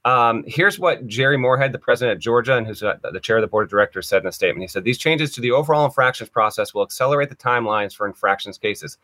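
A man's voice: mid-range voice, fast, hardly any pauses, bright, forceful tone. A man hosting a casual sports podcast, reading statements aloud and adding dry comments of his own. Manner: reads quotes aloud then comments wryly. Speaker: podcast host.

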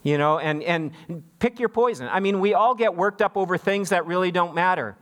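A man's voice: sits high, brisk, a bit bright. A man from Canada preaching a sermon as a pastor, conversational, with frequent restarts and repeated words. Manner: mimics others in a raised voice when quoting.

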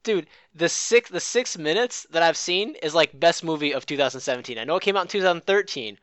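A man on a podcast, rambling and halting, often laughing. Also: on the high side, expressive, fairly bright tone, clean tone, no room sound. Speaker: podcast co-host. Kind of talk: casual chat.

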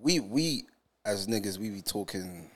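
A man's voice: fairly low pitch, expressive, unhurried, a bit bright. A young man as a podcast guest, laid-back and slangy, repeating himself. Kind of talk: casual podcast chat.

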